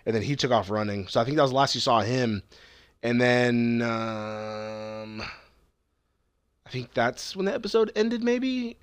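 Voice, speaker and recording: Animated storytelling man, dry sound. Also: mid-range voice, no echo. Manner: animated storytelling, swears freely. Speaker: podcast co-host. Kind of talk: casual recap chat.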